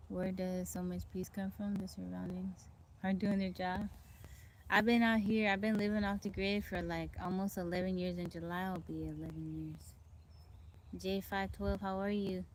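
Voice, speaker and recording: A woman chatting on a live stream, calmly greeting and thanking viewers one by one from outdoors in the woods, speaking into her phone. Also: medium pitch, normal speed. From Texas, USA. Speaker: livestream host. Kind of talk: casual live-stream chat reading viewer comments. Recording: faint outdoor noise from a phone. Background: insects and birds outdoors.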